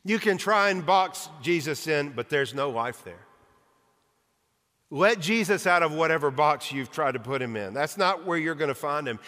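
A man's voice: medium pitch, bright, forceful tone. A male pastor preaching an earnest sermon with rhythmic, emphatic lists. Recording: long reverb of a large hall.

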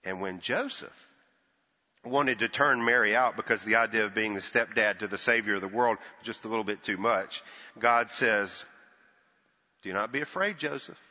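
An older man preaching a sermon, telling a story and acting out the quoted voices with hushed and lifted tones. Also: lowish voice, normal speed. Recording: dull sound with long hall reverb.

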